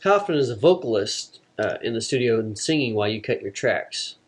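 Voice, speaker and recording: A man's voice: medium pitch, lively intonation, a little fast, a little hiss or hum. A male podcast host asking a guest easygoing questions and answering with short backchannels. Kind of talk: casual interview questions.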